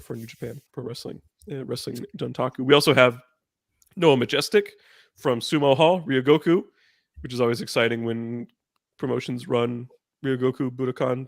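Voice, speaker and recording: A man runs a casual podcast chat, rambling through his points with plenty of fillers and restarts. His voice has a gravelly grain. The sound is dry, with no room around it. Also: medium pitch, fairly even intonation, moderate pace, no echo. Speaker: podcast host.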